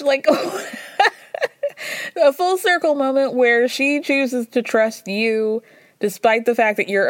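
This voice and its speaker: A woman hosting a podcast, recapping casually in a chatty, animated way and jumping into high mimicking voices. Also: no echo, clean studio sound. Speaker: podcast host.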